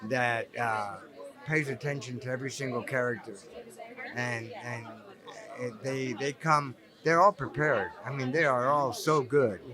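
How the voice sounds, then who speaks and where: A man, an actor, speaking earnestly at a red carpet interview, often restarting his sentences. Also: mid-range voice. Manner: earnest, halting with many restarts. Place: busy red carpet event. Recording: crowd chatter behind.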